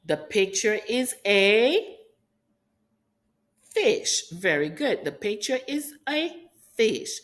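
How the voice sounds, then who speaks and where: Woman from Haiti, phonics teacher, very slow, lively sing-song pitch, encouraging. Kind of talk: phonics lesson for young children.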